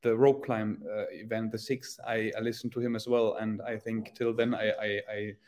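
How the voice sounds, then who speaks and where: A man from Germany, a native German speaker, chatting casually as a podcast guest in halting English, often stopping to search for words. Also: fairly low pitch, flat delivery, a little mellow. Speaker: guest athlete. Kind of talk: casual chat.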